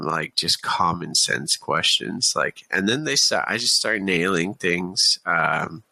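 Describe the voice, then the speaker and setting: A man telling army stories in a casual podcast chat, animated, swearing and laughing often. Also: low voice, slow pace, gravelly, few pauses. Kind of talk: casual storytelling.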